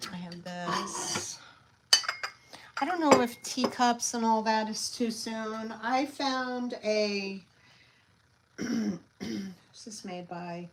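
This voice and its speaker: A woman's voice: fairly high pitch, very noisy. A middle-aged woman with a Long Island New York accent, chatting as she hosts a live sale stream, rambling and answering viewers. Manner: chatty, reads out viewer comments, rambling asides. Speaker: host selling collectibles on a live stream. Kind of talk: live sales stream chat.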